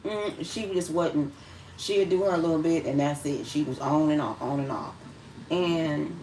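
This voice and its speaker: A woman with a Detroit accent talks loosely to her livestream viewers, circling back and restarting her thoughts as she goes. Her voice sits very low. She is a little distant from the mic, and a faint hum of noise sits behind her. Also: mellow. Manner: rambling, conversational, with many restarts. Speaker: livestream host. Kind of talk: casual livestream talk.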